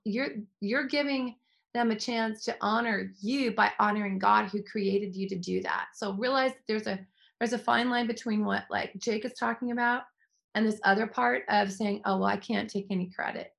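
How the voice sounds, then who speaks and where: A woman's voice: on the high side, fairly even intonation, moderate pace, gravelly, a bit bright. A woman hosting a faith-based podcast, speaking earnestly and effusively with frequent restarts. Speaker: host.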